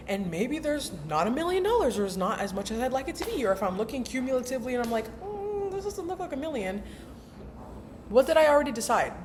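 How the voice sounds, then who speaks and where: With a fairly high pitch and slight background noise, a young woman gives a casual motivational vlog about mindset. She's chatty, uses lots of slang, speaks emphatically and acts out inner voices.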